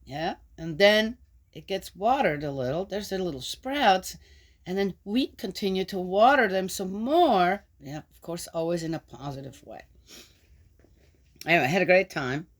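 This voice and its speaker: An older woman, a grandmother, hosting a chat that rambles with many fillers and then reading the Psalms aloud at a steady pace. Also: lowish voice. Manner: steady, measured reading of scripture. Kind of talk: casual chat and scripture reading.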